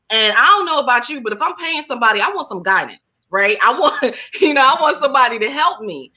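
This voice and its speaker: Bright-voiced woman telling her story. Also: fairly high pitch, fast talker. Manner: animated, many fillers like "like" and "you know". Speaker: guest, holistic healer and counselor. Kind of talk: casual interview storytelling. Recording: dull lo-fi sound.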